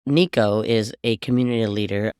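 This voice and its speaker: A man's voice: lowish voice, moderate pace, darkish tone, smooth, no echo, studio quality. A man hosting a podcast, speaking in an affirming, enthusiastic way as he introduces a guest. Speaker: podcast host. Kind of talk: podcast conversation.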